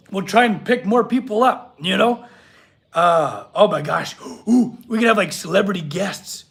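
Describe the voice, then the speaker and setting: Earnest guy with a high-pitched voice talking to his live chat from a workshop, gets all choked up. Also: gravelly. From California. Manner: earnest, emotional, gushing, reads chat aloud. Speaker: livestream host, blacksmith artist. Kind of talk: casual livestream chat.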